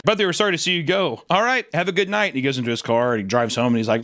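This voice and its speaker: A man's voice: a little high, racing, few pauses, a bit bright. A man hosting a comedic reaction video, joking and swearing often and slipping into put-on voices. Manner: profane, jokey, slips into put-on voices.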